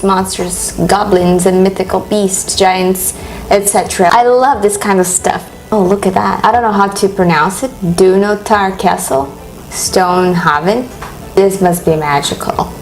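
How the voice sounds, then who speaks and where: A woman's voice: medium pitch, a little mellow, low-quality recording. A young woman from Brazil with a Brazilian Portuguese accent, a native Portuguese speaker, chatting to camera in a gushing, enthusiastic way. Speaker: vlogger. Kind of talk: casual chat to camera.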